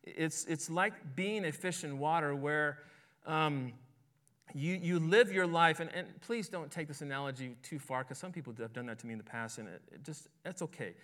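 A man's voice: on the high side, normal speed, a bit bright. A man preaching a sermon as pastor, in a conversational way that keeps checking in with listeners and repeats words as he goes. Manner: conversational, asks "right?" often, repeats words.

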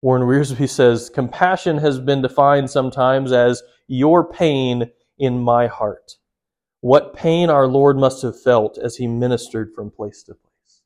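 A man's voice: mid-range voice, a little mellow. A man preaching a sermon, earnest and direct, putting questions straight to his listeners. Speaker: pastor.

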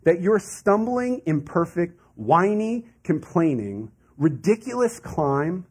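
Husky, high-voiced male pastor preaching. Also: sing-song, takes it slowly, few pauses, a little mellow. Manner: conversational, with laughs and asides. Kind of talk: sermon.

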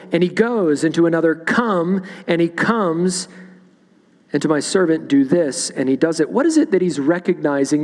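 A man's voice: a little high, a little mellow, big-room sound. A man preaching a sermon in a church, reading scripture aloud and explaining it verse by verse. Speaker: pastor. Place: church sanctuary.

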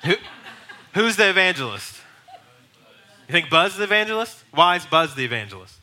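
A male pastor teaches with bold, urging emphasis. His voice sits a little high and has a very bright, piercing edge. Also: very animated, fairly quick. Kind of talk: teaching sermon.

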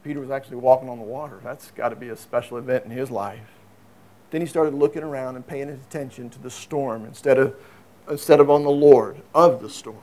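A man preaching a sermon in an earnest way, swinging from emphatic raised passages to low, quiet asides. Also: fairly even intonation, brisk. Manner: earnest, rises to emphatic high peaks then drops low and quiet.

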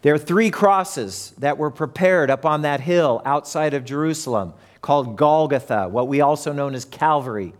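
A man's voice: a little high, normal speed, hardly any pauses. A man preaching a sermon who retells the story and acts out the crowd and characters.

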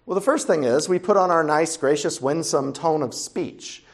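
A man's voice: fairly high pitch, normal speed. A middle-aged man preaches as a pastor in an easy, conversational way. He keeps a dry, humorous edge and often turns to his listeners with rhetorical questions. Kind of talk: sermon.

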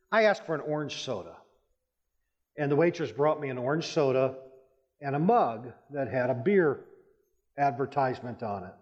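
A pastor giving a sermon, telling personal stories with emphatic rises in his voice. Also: a little mellow. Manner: storytelling, emphatic rises in pitch. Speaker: Baptist pastor. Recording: muffled church hall with long reverb.

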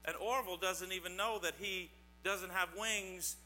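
In a church sanctuary, a pastor delivers a children's sermon full of corny jokes, teasing and quizzing his young listeners. His high voice is sharp and steady at a normal speed, and the recording has long hall reverb and a faint mains hum.

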